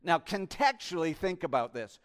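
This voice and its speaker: A male pastor delivering an impassioned sermon, swinging between loud emphasis and hushed asides and posing rhetorical questions to the congregation. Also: a little high, sing-song, moderate pace.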